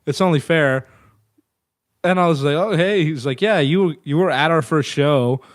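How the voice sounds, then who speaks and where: A man's voice: on the high side, normal speed. Laid-back, foul-mouthed man telling stories. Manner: profane, laid-back, lots of fillers. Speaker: guest, metal singer. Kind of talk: casual storytelling chat.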